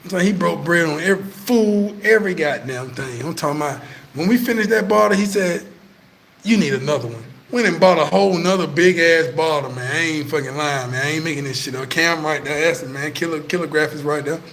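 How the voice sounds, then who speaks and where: Guy vlogging, swears a lot, laid-back street talk, kinda high voice. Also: a little fast, vocal fry, fairly bright tone, rough recording. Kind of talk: casual storytelling to viewers.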